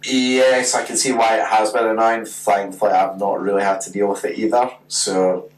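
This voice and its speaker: A Scottish man in his twenties co-hosting a podcast, telling stories in a sweary, animated way. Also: lowish voice, moderate pace, echoey room, far from the mic, rough recording. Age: 20s. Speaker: podcast co-host. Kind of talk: casual chat.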